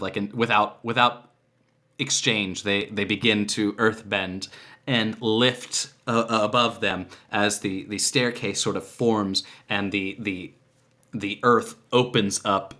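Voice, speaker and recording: A man's voice: fairly low pitch, steady tone, a little slow, bright, forceful tone. A man running a tabletop game as game master, narrating in a loose, rambling way with many fillers and restarts. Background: background music.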